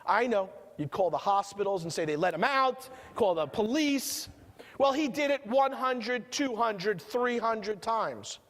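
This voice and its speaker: A man with a New York accent and a notably high voice delivers a keynote with lively storytelling energy, often turning to the crowd with questions. His voice rings out with a long reverb tail from a big conference hall. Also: measured pace. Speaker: motivational keynote speaker. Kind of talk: keynote speech.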